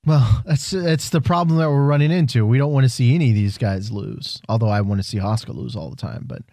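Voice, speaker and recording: A man's voice: mid-range voice, quick pace, vocal fry, warm tone, dry recording. A man co-hosting a casual podcast, arguing his points and pressing his partner with pointed questions. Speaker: podcast co-host. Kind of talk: casual wrestling chat.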